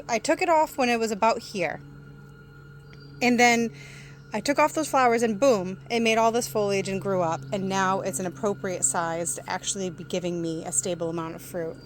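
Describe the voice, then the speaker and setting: A woman chatting casually and excitedly while showing her backyard garden plants outdoors. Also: mid-range voice, normal speed, slight background noise. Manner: chatty and excitable, laughs easily. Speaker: gardening vlogger.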